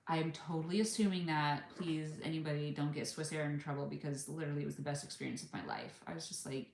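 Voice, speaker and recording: A chatty American woman in her thirties tells a travel story to the camera, slipping into the voices of the people she quotes. Her voice sits a little low. The room around her is bare and echoey. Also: lively intonation, quick pace, gravelly, darkish tone. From United States. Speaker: vlogger. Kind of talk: casual storytelling vlog.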